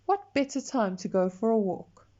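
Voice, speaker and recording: A cheery, stubborn father barks orders on a rainy campsite, as a woman reading aloud puts him on. He is loud and bright, a storybook dad on a dull, lo-fi recording. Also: a little high, big pitch swings, moderate pace. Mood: bossy cheerful. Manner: yelling, bright and bossy.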